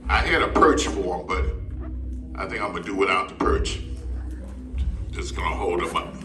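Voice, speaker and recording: A man's voice: sits low, lively intonation, moderate pace, far from the mic. A man performing as a ventriloquist for children, coaxing his puppet in a playful way. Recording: echoey room with loud noise.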